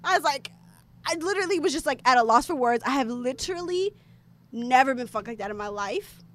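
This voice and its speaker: A young American woman telling a story in casual, animated chat, with lots of filler words and sudden loud outbursts. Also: sits high, fairly quick. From United States. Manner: animated, chatty, filler-heavy, bursts into shouting.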